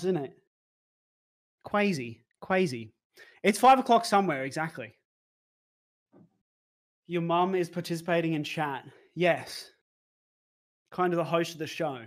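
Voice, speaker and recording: A man's voice: fairly high pitch, a little slow, long pauses. A man, casually chatting to his livestream audience, swearing now and then. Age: 20s. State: out of breath. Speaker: streamer.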